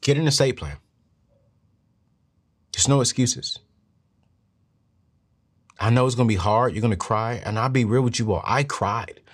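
Man, middle-aged, money-advice host, earnest, preachy, mid-pitched voice. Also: unhurried, long pauses, husky. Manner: earnest, preachy, rises in pitch when emphatic. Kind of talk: motivational talk to camera.

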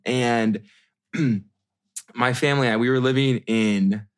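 A man in his thirties from the US tells a childhood story to listeners. He speaks casually and with energy, often restarting his sentences and padding them with "like" and "you know." His pitch sits at an ordinary middle height for a man. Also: unhurried, clean tone. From United States. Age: 30s. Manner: animated, many restarts and fillers.

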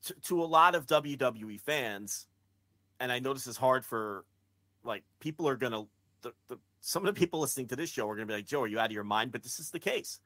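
A man's voice: mid-range voice, lively intonation, brisk, sharp tone. A man co-hosting a wrestling podcast, talking bluntly and at length in casual, profane chat with frequent restarts.

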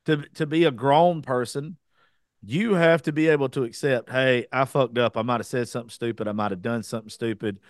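A man's voice: mid-range voice, a little fast, no room sound, studio quality. A man hosting a podcast in casual chat, talking bluntly and profanely with rambling asides. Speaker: podcast host.

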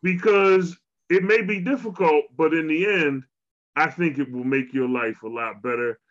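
A man co-hosting a podcast conversation, retelling a cartoon episode in a lively storytelling way and closing with an earnest message to listeners. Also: a little high, normal speed. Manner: animated storyteller, preachy wrap-up. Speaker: podcast co-host. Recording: dull lo-fi sound.

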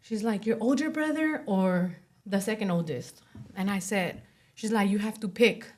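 Soft-spoken young woman telling her story. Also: mid-range voice, normal speed. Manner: soft-spoken, many fillers like "you know" and "like". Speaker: interview guest. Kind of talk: emotional personal testimony.

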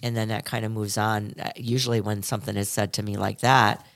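A woman's voice: very deep voice, steady tone, a little fast, gravelly. A woman co-hosting a podcast in casual chat, earnest and reflective, often restarting her sentences. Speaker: podcast co-host.

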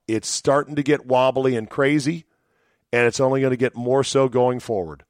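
A man's voice: mid-range voice, moderate pace, no room sound, studio quality. A man hosting a solo podcast, talking in a sardonic, rambling way with chuckling asides. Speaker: podcast host.

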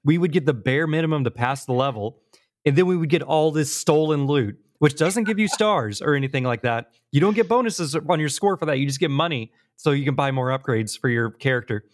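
Slightly fast and on the high side, the voice belongs to a man hosting a laid-back gaming podcast. He's an animated storyteller who mimics friends and fills his casual speech with words like "like".

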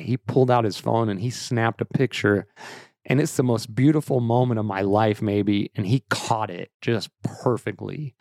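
A man's voice: fairly low pitch, darkish tone, dry recording, clean studio sound. A man in his thirties hosting a podcast, telling a personal family story in an earnest, emotional way, full of casual fillers. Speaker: podcast host.

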